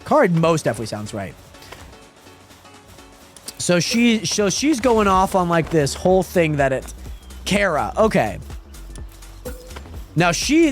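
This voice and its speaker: A man streaming a game live, chatting casually with viewers and reading their messages aloud, often repeating himself. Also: high-pitched. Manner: chatty, reads chat aloud, trails off and repeats words. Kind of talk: casual live-stream chat while gaming.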